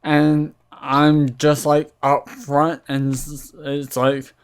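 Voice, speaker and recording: Young guy ranting slowly on his vlog, lots of um and like, kinda annoyed, clear smooth voice. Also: a little high, level tone. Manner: rambling, halting, with many fillers and restarts; mildly irritated, recounting a complaint. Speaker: vlogger. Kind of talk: casual storytelling rant.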